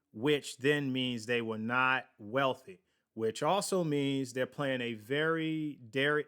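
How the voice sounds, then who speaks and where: A man's voice: mid-range voice, a bit bright. A man hosting a casual finance podcast, rambling and digressing, with many fillers and laughs at himself. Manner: slow, drawn-out delivery with many fillers. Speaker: podcast host. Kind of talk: casual finance talk on a livestream.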